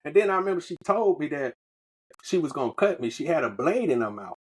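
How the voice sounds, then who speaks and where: Man, podcast co-host, husky voice that sits a bit high, rambling slangy storyteller. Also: sing-song, fast talker. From Southern United States. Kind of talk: casual storytelling chat.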